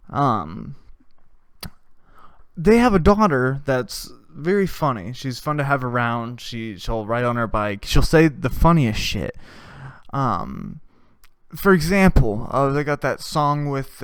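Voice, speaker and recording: Guy rambling thru a funny story, swears a lot, hums tunes, smooth clear voice, dry close sound. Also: mid-range voice, no room sound. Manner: laughs often and hums tunes while telling stories; swears freely. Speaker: podcast host. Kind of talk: casual storytelling.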